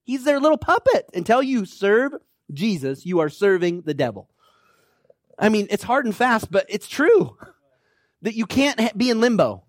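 Male pastor, exhorting sermon delivery, high voice with big swings in pitch. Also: sing-song, normal speed, no echo, studio quality. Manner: emphatic, exhorting, rallying with "come on now".

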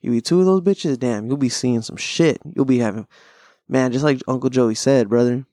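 Male solo podcast host, gravelly and loose, cursing his way through rambling stoner chat into a close, dry mic. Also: medium pitch, moderate pace, warm tone, dry recording. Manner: rambling, profane, laid-back stoner talk.

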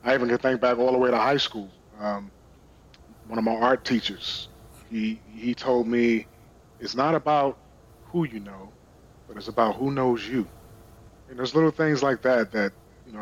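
A man's voice: mid-range voice, dull audio. A man from Brooklyn, a podcast guest telling stories in a candid, casual way and swearing freely. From Brooklyn, New York. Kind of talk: casual storytelling.

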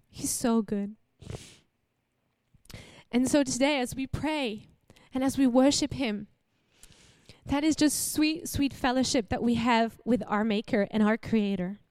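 A young Australian woman preaching a sermon in a lively, conversational way, asking her listeners questions and laughing easily. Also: high-pitched, no echo. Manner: warm, animated, laughs often, asks the audience questions.

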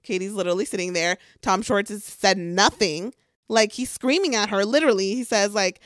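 A woman recapping a reality show in casual chat, excited and gossipy, swearing often and filling with "like". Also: mid-range voice, brisk, dry recording, clean studio sound.

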